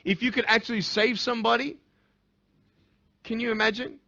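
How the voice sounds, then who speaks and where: A man giving a motivational speech to a school, firing rhetorical questions and swinging between loud and hushed. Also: very high-pitched, steady tone, normal speed, vocal fry, lo-fi sound. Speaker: motivational speaker.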